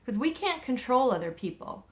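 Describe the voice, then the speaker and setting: A woman's voice: high-pitched, very animated, moderate pace. A young adult woman giving casual spiritual advice, talking in a loose, conversational way with many fillers and checks of "okay?". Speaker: psychic medium giving spiritual guidance.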